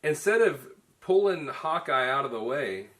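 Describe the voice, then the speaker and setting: A man's voice: on the high side, expressive, unhurried, fairly bright tone. A man hosting a casual film review chat, talking loosely with many restarts. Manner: chatty, many restarts and "you know". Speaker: film reviewer, show host.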